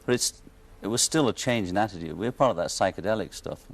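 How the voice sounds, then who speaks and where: Man, Liverpool accent, wry, laughs often, lowish voice, TV interview guest. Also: quick pace, gravelly. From Liverpool, England. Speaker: musician guest. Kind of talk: television interview.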